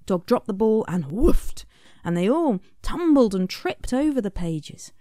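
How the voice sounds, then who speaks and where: A woman, an author, reading her picture book aloud expressively, often dropping into a soft whisper. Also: medium pitch, sing-song, measured pace, no echo, studio quality. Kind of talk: storybook read-aloud.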